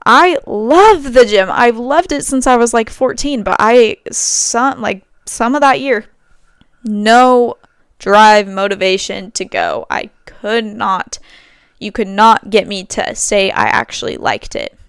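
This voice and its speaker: A woman's voice: on the high side, expressive, slow, smooth, no echo, clean studio sound. A young woman hosting a podcast at home, talking candidly and rambling, with many fillers and frequent laughs. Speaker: podcast host. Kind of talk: casual monologue.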